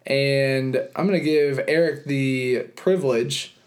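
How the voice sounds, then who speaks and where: A man's voice: medium pitch, fairly even intonation, takes it slowly, smooth. A young man hosting a casual fantasy league podcast, talking in hyped, rambling bursts. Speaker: podcast host.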